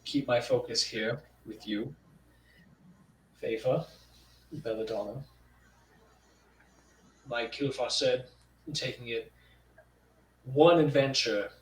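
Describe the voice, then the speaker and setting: Speaking slowly on the low side, with frequent pauses, a man voices his character in a tabletop role-play. His talk is rambling and unsure, packed with fillers, recorded from a distance in a roomy space with faint noise.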